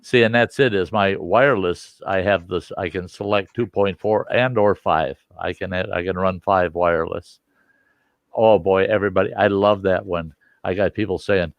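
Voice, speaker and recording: Slow, deep-voiced man chatting casually. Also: no echo, lo-fi sound. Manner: rambling, explains tech step by step. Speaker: livestream host. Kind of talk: casual chat.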